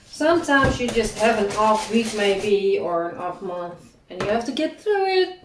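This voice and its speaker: A woman's voice: mid-range voice, expressive, a little slow, background noise. Rambling woman in an echoey kitchen. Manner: chatty, rambling, self-deprecating asides. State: slightly out of breath. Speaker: cooking vlogger. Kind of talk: casual chat while baking. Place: home kitchen. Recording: echoey kitchen, distant mic, clattering dishes.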